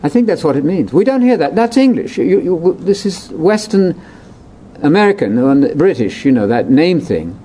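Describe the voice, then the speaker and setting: A man leading a conversational Bible discussion, explaining in an animated way that jumps between high and low pitch. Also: normal speed, slightly rough. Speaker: Bible teacher.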